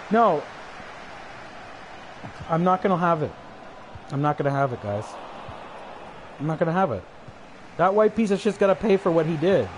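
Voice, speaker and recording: A man's voice: sits high, slight background noise. Profane, taunting male streamer. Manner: aggressive, taunting, swears constantly; breaks into chuckles, mumbles asides. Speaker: livestreamer. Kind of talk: profane livestream rant.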